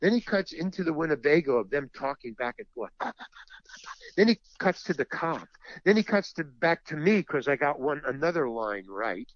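A man's voice: fairly high pitch, very animated, moderate pace, no room sound, muffled recording. A man who is an actor and stand-up comedian, telling an anecdote in an interview and acting out other people's lines.

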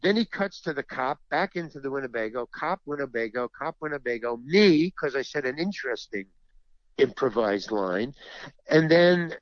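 A man's voice: mid-range voice, lively intonation, moderate pace, no room sound, muffled recording. A man who is an actor and stand-up comedian, telling an anecdote in an interview and acting out other people's lines.

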